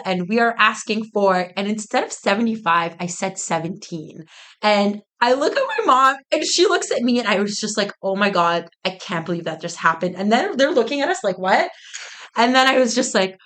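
Lively, laughing young woman telling a story. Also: mid-range voice, a little fast. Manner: animated, laughs often, many "like" fillers. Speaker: guest, tea business co-founder. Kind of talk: storytelling in a podcast interview.

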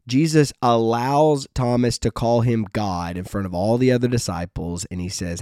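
A man's voice: medium pitch, animated, normal speed, few pauses, dark tone, dry recording, clean studio sound. A man giving a casual devotional talk as a Bible teacher, earnest and emphatic in a conversational way.

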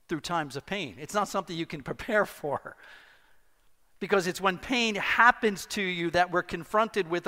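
A middle-aged male pastor preaching a sermon, telling a personal story with animated, self-deprecating humor. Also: high voice. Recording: long hall reverb.

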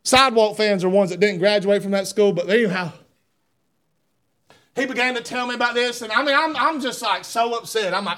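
A middle-aged man preaching a sermon, fervent, swinging between loud shouts and hushed asides. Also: sits high, fairly quick.

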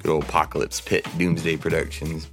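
Casting: very deep-voiced male podcast host, loose and profane, lots of "like" and "you know", faint music underneath. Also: flat delivery, a little fast. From Portland area, Oregon. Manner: rambling, profane, laid-back with lots of fillers. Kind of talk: casual podcast chat.

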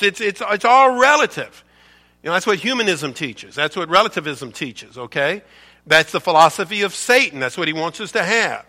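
Bright-toned preacher man. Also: high voice, expressive, normal speed. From United States. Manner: emphatic, preachy, repeats words, asks rhetorical questions. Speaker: pastor. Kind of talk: sermon.

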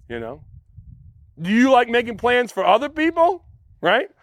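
A man's voice: very high-pitched, wildly swooping pitch, normal speed, pauses often, no room sound, clean studio sound. A man preaching a sermon, telling a personal story and putting questions to his listeners. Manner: storytelling, acts out quotes, asks the audience questions. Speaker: pastor.

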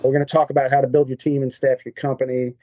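A man guest on a business podcast, telling stories in an animated, conversational way and acting out what people said. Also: medium pitch, fast, no room sound, muffled recording. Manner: animated storyteller, acts out quotes. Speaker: podcast guest, MSP consultant. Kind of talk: conversational interview storytelling.

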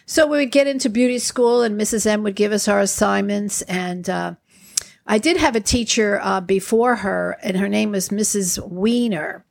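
A woman's voice: medium pitch, vocal fry. A woman in her sixties hosting a podcast, telling chatty personal stories and acting out the quotes. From Long Island, New York. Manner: chatty, animated anecdotes with acted-out quotes. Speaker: podcast host. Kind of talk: casual storytelling.

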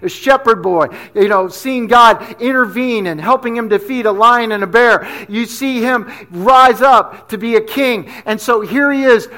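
A man with a notably high voice preaches a sermon to his congregation. He keeps it relaxed and conversational and drops in slang asides as he goes. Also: a little slow, hardly any pauses. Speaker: pastor.

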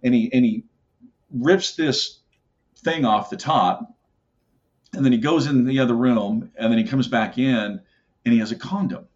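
On a podcast, a middle-aged man who makes elk calls tells hunting tales casually, wandering off track, using many fillers and voicing quotes dramatically. He speaks a bit slowly at medium pitch, and the recording sounds muffled and low quality.

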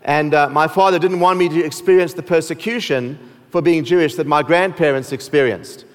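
Male pastor, South African accent, raised voice, relaxed humor, sermon with long reverb. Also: fairly high pitch, brisk. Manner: joking, with laughs and restarts.

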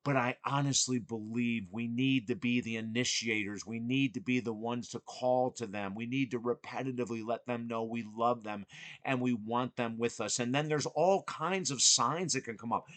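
A man hosting a podcast, telling a personal story earnestly and emphatically, swinging between excited and hushed. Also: medium pitch, moderate pace, dry recording. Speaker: podcast host.

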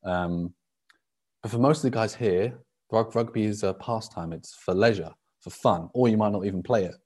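A young man from the UK hosting a casual solo fitness podcast, relaxed and sweary, rambling with lots of fillers. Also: on the low side, normal speed, husky. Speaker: podcast host and rugby fitness coach. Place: indoors at a laptop on a live video call.

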